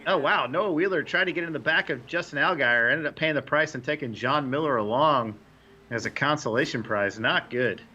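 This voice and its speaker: Relaxed male race commentator, chatty, slightly dull sound, faint hiss. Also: fairly high pitch, brisk. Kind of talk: live sim-racing commentary.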